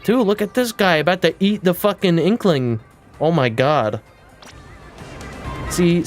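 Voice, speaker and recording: Excitable young man streaming a game. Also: medium pitch. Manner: excitable, swears freely; baby-talk to his cat. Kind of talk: casual live-stream commentary.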